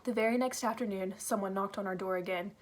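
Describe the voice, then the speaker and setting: A woman reading a first-person novel aloud, in an earnest, steady storytelling manner. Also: mid-range voice, a little fast. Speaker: audiobook reader.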